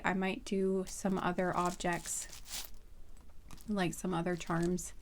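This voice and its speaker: Slow, rambling woman reading tarot. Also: mid-range voice, a little hiss or hum. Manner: rambling, many fillers and soft laughs. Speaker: tarot reader.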